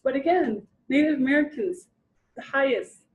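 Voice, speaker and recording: A woman in her thirties leads a training session, with a fairly high voice. She talks casually to the audience, restarting her sentences and slipping into little acted quotes. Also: lively intonation, moderate pace, narrow, tinny audio. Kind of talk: informal lecture to an audience.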